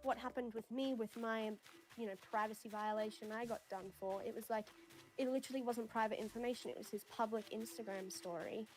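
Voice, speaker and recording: A woman's voice: on the high side, steady tone, brisk. A woman chatting casually as a guest on a stream, her speech full of "like" and "um". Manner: chatty and peppered with "like" and "um". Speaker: stream guest and video creator. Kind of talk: casual chat.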